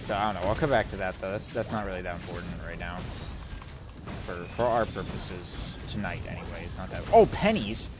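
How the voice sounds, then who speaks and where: A man's voice: low voice, fairly even intonation, brisk. A man streaming a game, chatting casually in a rambling way and swearing often. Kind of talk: casual live-stream chat while gaming. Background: game music.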